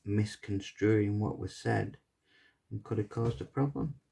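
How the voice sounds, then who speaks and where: A man with a very low, gravelly voice talks through a craft tutorial and wanders off into chatty stories as he goes. His tone is dark and husky. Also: unhurried. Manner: chatty, rambling storyteller. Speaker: pyrography tutor. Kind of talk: casual tutorial chat while working.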